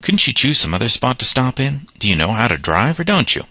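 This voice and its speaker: A man's voice: low-pitched, lively intonation, normal speed, sharp tone, no room sound, exaggerated voice. A man voicing an indignant grown motorist who scolds and mocks a young driver. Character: indignant grown male motorist, mocking then helpful.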